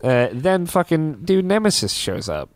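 A man in casual podcast chat, animated, swearing freely and laughing often. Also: a little high, measured pace, dry recording, clean studio sound. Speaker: co-host.

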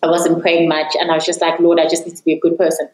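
A woman's voice: lowish voice, monotone, fast, darkish tone. A young woman earnestly telling her personal faith testimony as an interview guest. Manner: earnest, reflective storytelling. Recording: echoey room.

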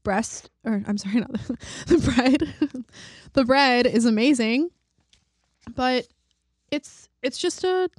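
A woman's voice: high-pitched, slow pace, no room sound, studio quality. A woman co-hosting a casual food podcast, chatty and rambling, using slang. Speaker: podcast co-host. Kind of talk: casual chat.

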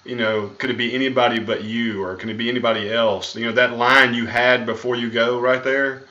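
A man's voice: medium pitch, little pitch movement, brisk, pushed and bright, dull audio. A man hosting a podcast interview, eager and coaxing, enthusiastic about the show. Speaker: podcast host. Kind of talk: casual interview chat.

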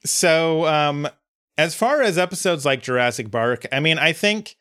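A man's voice: a little high, lively intonation, measured pace, pushed and bright, smooth. A man co-hosting a podcast in casual chat, talking in a reflective, rambling way with lots of filler words. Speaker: podcast co-host.

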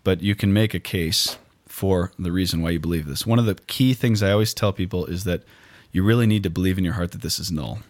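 A man co-hosting a casual conversation, explaining things in a measured way and checking that the listener follows. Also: sits low, no room sound.

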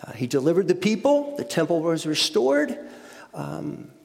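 A man's voice: on the high side, very animated, moderate pace, vocal fry, a little mellow. A man giving a conversational sermon as a guest speaker, often repeating words and checking in with the audience. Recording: long hall reverb.

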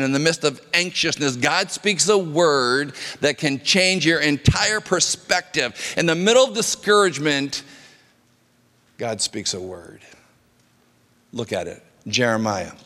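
A man's voice: medium pitch, a bit bright. Earnest male pastor preaching in a reverberant hall. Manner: earnest, conversational preaching with repeated words. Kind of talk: sermon.

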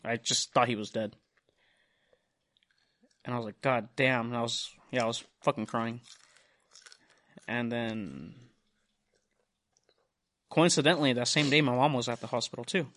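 A man's voice: medium pitch, a little slow, long pauses, fairly bright tone. A young man on a casual podcast, telling a long rambling story full of swearing and quoted dialogue. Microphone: studio mic.

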